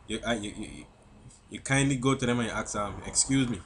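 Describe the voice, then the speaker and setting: Young Virgin Islands man with a Crucian accent, lowish voice, chatty vlogger talking to camera, faint hiss behind. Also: fairly quick. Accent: Crucian (St. Croix) English. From St. Croix, US Virgin Islands. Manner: chatty, keeps asking "you know what I mean?". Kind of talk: casual chat to camera.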